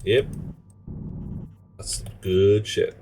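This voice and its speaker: Male streamer, lowish voice, loose joking asides while he plays. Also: steady tone, very slow, over music. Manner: rambling, joking, muttering asides. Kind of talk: casual live-stream chat while gaming.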